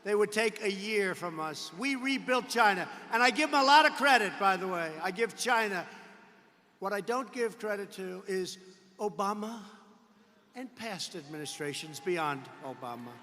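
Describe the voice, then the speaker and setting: A man works a rally crowd in a high, forceful voice, boasting, repeating himself and tossing off mocking asides. He breaks into shouts now and then. His words ring out with the long reverb of a large indoor arena. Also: lively intonation, normal speed. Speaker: politician addressing a campaign rally. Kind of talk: rally speech.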